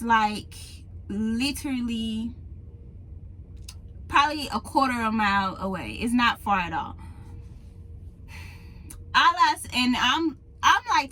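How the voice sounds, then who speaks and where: A woman vlogger telling a story to her viewers in a casual, animated, emphatic way, recorded on a phone in a truck cab. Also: a little high, poor audio. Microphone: phone in a holder.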